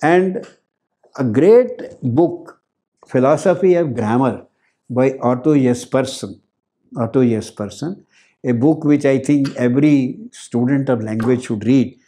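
A man's voice: medium pitch, takes it slowly, mellow. An older man with an Indian accent, a professor explaining grammar in a lecture, repeating key words and adding Hindi asides. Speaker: professor giving a talk on grammar.

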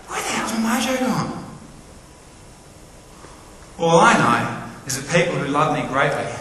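A man delivers a motivational keynote with a bright, fairly high voice, tossing questions at the audience. His voice rings through a large, very echoey hall with a long reverb tail and faint ambience underneath. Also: slight background noise. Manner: animated, quizzes the audience. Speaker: motivational speaker. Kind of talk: live keynote talk to an audience.

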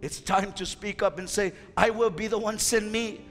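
A male pastor preaching a fiery sermon to his church, whose impassioned delivery rises to shouts. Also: high voice, steady tone, moderate pace. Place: church sanctuary. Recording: reverberant church hall with faint music.

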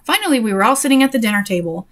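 Reading a story aloud, a young woman keeps stopping to make sarcastic, exasperated remarks about it. Her voice is on the high side, a bit bright and sing-song, and she talks very fast.

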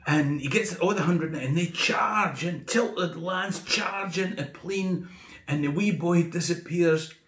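A Scottish man spins a comic history yarn with chatty asides and dry humour. His voice sits a little high. The recording carries a noticeable room echo. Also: a little slow, fairly bright tone. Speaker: history tour guide storyteller. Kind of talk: casual comic storytelling.

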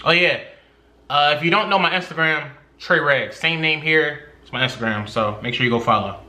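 A man's voice: a little high, normal speed, pushed and bright, slight background noise. A young man hosting a reaction video, with joking, slangy banter. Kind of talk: casual reaction commentary.

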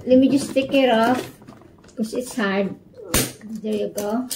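A mother talking casually with her child, patient and gently instructing. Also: a little high, unhurried, noisy background.

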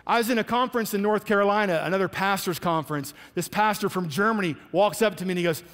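A male pastor preaching a sermon, emphatic and animated, acting out the people in his stories. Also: high voice, fast, big-room sound. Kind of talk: sermon with storytelling.

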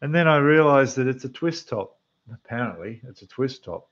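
This Australian scale model livestream host rambles chattily to his chat while building, speaking at a moderate pace with lively intonation. His mid-range voice is rough and losing depth, captured by a dull desk mic that drops in volume when he turns away.

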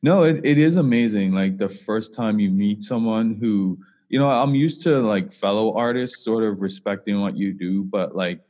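A man hosting a podcast, relaxed and encouraging, with many hesitant fillers. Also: fairly low pitch, normal speed, hardly any pauses, in a large hall. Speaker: podcast host. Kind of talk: casual interview chat.

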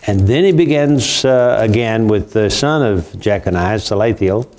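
Older guy talking bible, kinda low voice, folksy and chuckly. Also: expressive, normal speed, darkish tone. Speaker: Bible prophecy show host. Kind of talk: conversational Bible study.

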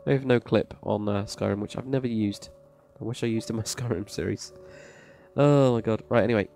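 A Minecraft server plot reviewer tours a game build, rambling enthusiastically and praising freely in casual commentary. His voice is fairly low and dark-toned, with vocal fry, and he speaks fairly quickly. Faint music plays in the background.

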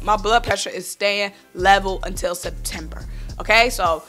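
A woman from talks football in a casual vlog, blunt and animated as she addresses her viewers directly. Her voice is bright and forceful at an ordinary pitch, and soft music plays faintly underneath. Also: normal speed. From Philadelphia. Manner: animated, worked-up, blunt, speaks to viewers as y'all. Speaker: sports vlogger. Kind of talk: casual sports opinion vlog.

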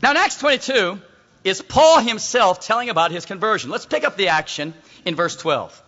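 A man's voice: sits high, moderate pace, big-room sound, lo-fi sound. A man preaching a sermon, telling stories with great animation, acting out the voices of people in them and calling out to his listeners. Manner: animated storytelling preacher, acts out voices, calls out to the crowd.

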